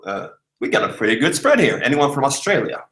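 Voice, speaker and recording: A man's voice: mid-range voice, sing-song, fairly quick, fairly bright tone, roomy sound, poor audio. A man in his thirties from Malmö with a southern Swedish accent, chatting casually on a livestream and reading out viewer comments, with lots of uhs and laughs. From Sweden. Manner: chatty, laughing, thinks aloud with many uhs. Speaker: livestream host.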